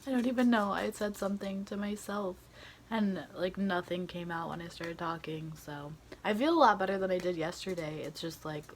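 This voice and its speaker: A young woman vlogs from home with a hoarse, raspy, half-lost voice. She talks casually and mocks herself dryly, often trailing off. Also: fairly low pitch, normal speed, slight background noise. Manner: casual, self-mocking, trailing off. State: hoarse, losing her voice. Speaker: vlogger. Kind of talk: casual vlog chat.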